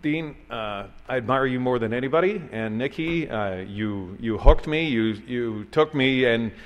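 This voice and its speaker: A man speaks sincerely from a gala stage, pausing and halting as he pays tribute. His mid-range voice carries a long reverb from the banquet hall. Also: medium pitch, lo-fi sound. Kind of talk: heartfelt speech.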